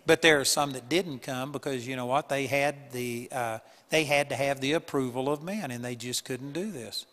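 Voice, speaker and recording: A man preaching a sermon in an earnest, emphatic way, with sudden loud bursts on key points. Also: mid-range voice, normal speed, few pauses, big-room sound. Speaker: pastor. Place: church hall with a live audience.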